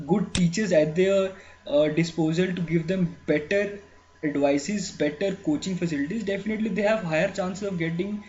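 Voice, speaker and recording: Brief: male tutor, high voice, halting explanatory lecture, dull lo-fi recording with faint hiss. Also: darkish tone. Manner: explanatory, many fillers and restarts. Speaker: exam coaching teacher. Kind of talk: lecture on a newspaper editorial. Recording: dull lo-fi sound with faint noise.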